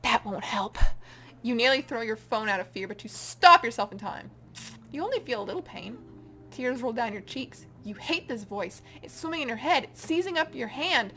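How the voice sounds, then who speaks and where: A woman reading a story game aloud as the channel host, dramatic and expressive, going from hushed to loud. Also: fairly high pitch, moderate pace.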